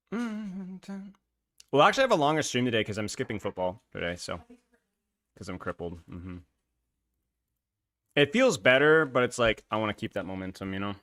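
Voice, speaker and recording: A man's voice: on the low side, a bit bright. A man streaming, chatting casually with viewers while gaming, laughing often and using lots of filler words. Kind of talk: casual live-stream chat.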